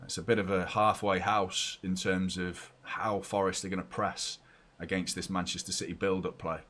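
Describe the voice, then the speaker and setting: A young man hosting a live football watchalong from home, chatty and excitable, moving between loud cheers and quiet muttering. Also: low voice, moderate pace. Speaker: football fan channel host. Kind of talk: live match watchalong commentary. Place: home room with door open and a fan.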